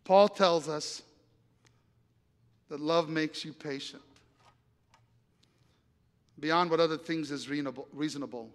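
A man's voice: on the high side, fairly even intonation, moderate pace, long pauses, fairly bright tone. A male pastor preaching a sermon, telling a story and acting out the dialogue, then building to emphatic appeals. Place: church sanctuary. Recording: long church reverb.

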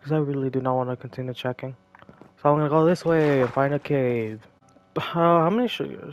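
Jokey, excitable man narrating his gameplay. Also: mid-range voice, brisk, muffled recording, a little hiss or hum. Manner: jokey, excitable, talks to himself and the mobs. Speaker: gameplay commentator. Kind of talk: casual gameplay commentary.

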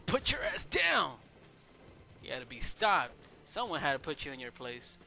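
Excitable, bright-voiced man playing a game. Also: fairly high pitch. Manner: excitable, swearing, yelling at the game. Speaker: gameplay commentator. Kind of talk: let's play commentary.

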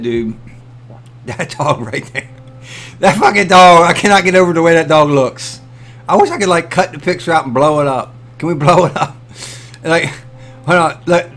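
A man hosting a casual live stream, greeting viewers by name and reacting loudly and profanely to pictures they send, often laughing. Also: fairly high pitch. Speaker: livestream host.

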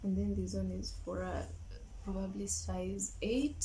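A woman's voice: medium pitch, fairly even intonation, measured pace, very noisy. A young woman chatting casually in a vlog, slipping Swahili phrases into her English. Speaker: vlogger.

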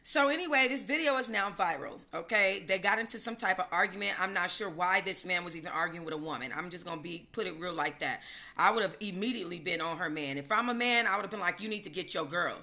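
A woman's voice: fairly low pitch, quick pace, pushed and bright. A woman hosting a casual livestream, talking emphatically in slang and greeting her chat. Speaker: livestream host.

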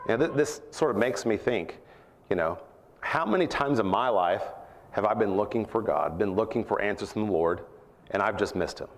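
A man preaching a sermon at church, earnest and reflective, rising in pitch to stress his points. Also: lively intonation, normal speed, in a large hall.

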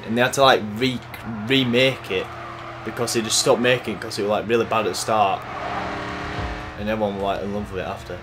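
A man casually commentating his racing gameplay, chatty and excitable, cursing at the game. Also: lowish voice, fast. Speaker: gaming YouTuber. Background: game music.

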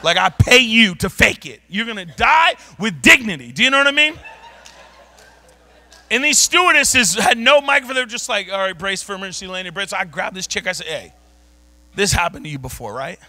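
High, bright-voiced shouting male preacher. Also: moderate pace. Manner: animated, shouting, laughing storyteller. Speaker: pastor. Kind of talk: sermon with personal story. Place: church.

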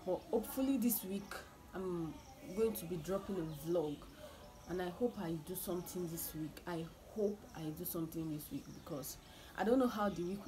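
A woman's voice: lowish voice, dark tone. A young woman chatting to her viewers in a casual vlog from home, laughing often and restarting her sentences. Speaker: vlogger.

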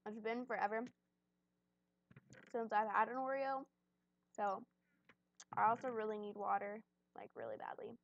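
A woman's voice: on the high side, big pitch swings, a little slow, creaky, long pauses, no room sound, lo-fi sound. A young woman commentating a game she is playing, rambling and self-deprecating, at times chewing as she talks. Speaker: gaming channel host. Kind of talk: casual gameplay commentary. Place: at home, on a bed.

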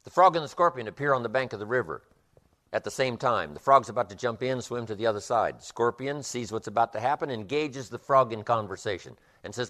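A man's voice: mid-range voice, expressive, a little fast, fairly bright tone. A man giving a motivational speech, emphatic, with rhythmic repetition. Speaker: motivational speaker.

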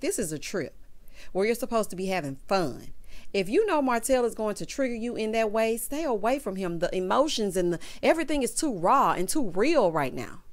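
A woman recapping a reality show in a sassy, casual commentary, constantly calling listeners honey and child. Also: mid-range voice.

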